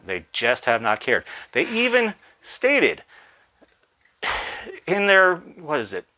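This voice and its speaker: A man's voice: a little high, huge pitch swings, slow pace, sharp tone. A man hosting a gaming channel, giving casual, rambling commentary with many fillers.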